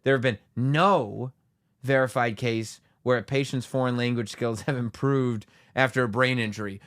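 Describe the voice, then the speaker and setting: A man co-hosts a podcast in casual chat, reading out facts and teasing his co-host. His medium-pitched voice is a bit bright, with fairly even intonation and a moderate pace. The recording is dry, with a clean studio sound.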